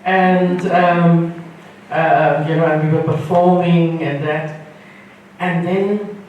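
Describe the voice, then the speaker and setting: A woman in the audience speaking haltingly with many fillers, praising the speaker. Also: lowish voice, fairly even intonation, a little mellow. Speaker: audience member. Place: event hall. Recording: echoey hall from far off, faint noise.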